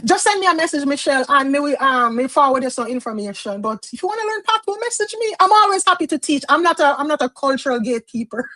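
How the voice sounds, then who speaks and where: A woman from Jamaica chatting casually as a guest, warm and laughing, sliding into patois now and then. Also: high-pitched, expressive, quick pace, hardly any pauses, rough recording. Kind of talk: casual chat.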